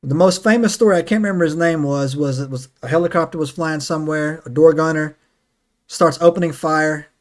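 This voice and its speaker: A man with a somewhat high voice hosts a casual podcast conversation. He tells his stories with eager energy and keeps checking in with "right?" and "man". His tone stays loose and conversational. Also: a little fast. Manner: excitable storyteller, lots of "right?" and "man". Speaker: podcast host.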